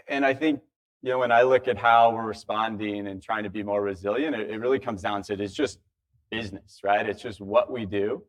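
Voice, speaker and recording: A man answering on a conference panel in a measured, businesslike way. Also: fairly low pitch, fairly bright tone. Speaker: conference panelist from a shipping company.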